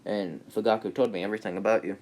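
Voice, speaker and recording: A calm, self-assured boy ninja, put on by a man in a casual fan retelling. He speaks low and matter-of-factly. He often halts on fillers. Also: natural voice. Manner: matter-of-fact, halting with fillers.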